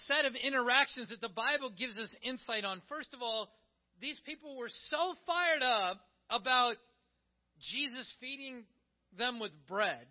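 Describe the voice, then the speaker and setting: A man preaching a conversational, animated sermon, reading scripture and then explaining it. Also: very high-pitched, dull audio. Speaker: pastor.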